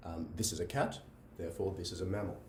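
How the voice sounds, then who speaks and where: A man's voice: deep voice, steady tone, quick pace, a little hiss or hum. A man giving a logic lecture in a classroom, often restarting phrases and checking in with "right?". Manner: repeats himself, checks in with "right?". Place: classroom with a board. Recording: echoey room, mic at a distance.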